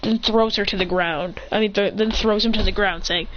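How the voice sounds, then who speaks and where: A woman's voice: medium pitch, steady tone, moderate pace, lo-fi sound, slight background noise. A woman telling an improvised fan-fiction story in a casual, rambling way, with swearing and many self-corrections.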